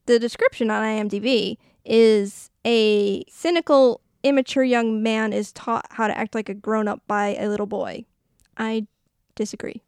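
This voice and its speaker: A woman's voice: on the high side, fairly even intonation, moderate pace, darkish tone, clean tone, no room sound, clean studio sound. A woman co-hosting a podcast, recapping a movie in casual chat and doing playful voices for the characters. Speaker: podcast co-host.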